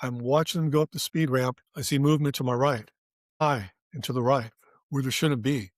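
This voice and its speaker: A man's voice: mid-range voice, steady tone, a little fast, no echo, clean studio sound. An older man, a former theme park designer, telling his career story in an interview and acting out the dialogue as he goes. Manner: vivid storyteller, acts out quoted dialogue.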